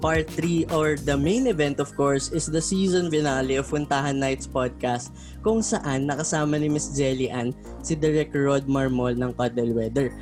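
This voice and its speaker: Man, podcast host, upbeat casual chat, mid pitch, music underneath. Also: fairly even intonation, normal speed. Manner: upbeat, mixes Tagalog and English.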